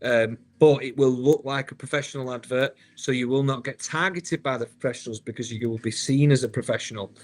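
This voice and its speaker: A man's voice: medium pitch, fairly even intonation, a little fast, few pauses. Chatty man, upbeat host. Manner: chatty and upbeat, calls viewers "mate". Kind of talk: live-stream chat.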